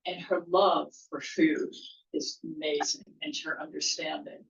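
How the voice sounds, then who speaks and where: A woman in a church study group sharing a thought in a halting, thoughtful way with some restarts. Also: deep voice, little pitch movement, gravelly, a little hiss or hum. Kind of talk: casual group discussion. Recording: dull lo-fi sound.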